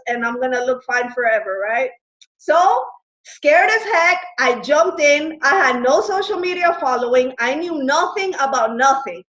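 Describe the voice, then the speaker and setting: A woman in her thirties, a fitness coach, telling her personal story earnestly and excitedly on a group call. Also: high voice. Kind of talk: recruiting talk on a group call. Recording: roomy, dull lo-fi call audio.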